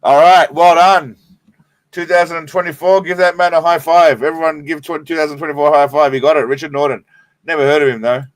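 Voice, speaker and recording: A man's voice: a little high, steady tone, fast talker, no echo. Stoned Australian man rambling on stream. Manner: rambling, profane, laid-back. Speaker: live stream host. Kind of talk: casual live stream chat.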